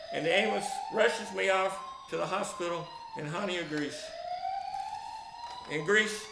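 Middle-aged man, dramatic storyteller, very gravelly, bright tone, roomy echo. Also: high-pitched, slight background noise. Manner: dramatic, exaggerated retelling with shouted sound effects. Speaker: storyteller, video narrator. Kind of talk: comic anecdote telling.

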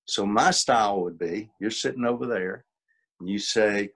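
Older guy coaching on a video call, low husky voice, folksy examples. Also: moderate pace, a bit bright. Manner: folksy, explains with acted examples. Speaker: coach and workshop leader. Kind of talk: teaching a webinar.

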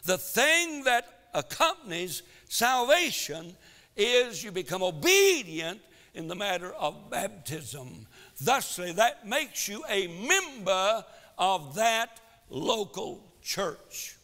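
A man preaching a sermon in a church, swinging between loud exhortation and quiet asides. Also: high voice, very animated, takes it slowly, in a large hall. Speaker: pastor. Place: church sanctuary.

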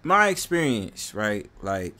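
A man from New York with a New York accent, hosting a casual panel chat on his stream, slangy and animated. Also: on the low side, slow pace. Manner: animated, laughing, slangy storytelling. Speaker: stream host.

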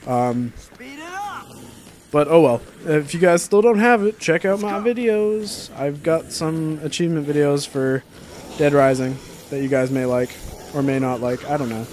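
A man's voice: fairly high pitch, measured pace, darkish tone, slight background noise. Young male let's-play commentator, talkative and jokey, recorded on a desk mic. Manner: rambling and chatty, with joking asides. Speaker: gameplay commentator. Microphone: desk microphone.

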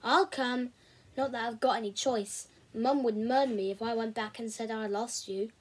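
A blunt teenage girl with a sarcastic bite, read out by a woman. She sits high and pushes her lines out loudly, with a husky grain under them. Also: fairly even intonation, moderate pace. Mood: grumbling. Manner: sharp, sarcastic.

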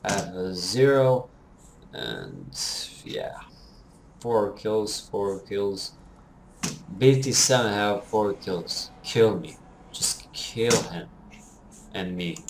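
A man's voice: fairly low pitch, sing-song, very slow, creaky, long pauses, echoey room, noisy background. A young man giving rambling, teasing gameplay commentary with non-native phrasing. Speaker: gamer.

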